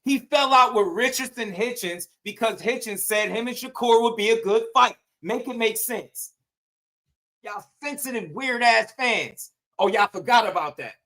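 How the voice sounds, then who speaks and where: A man's voice: very high voice, moderate pace, pushed and bright. A man hosting casual boxing commentary, ranting with profanity, slang and rhetorical questions.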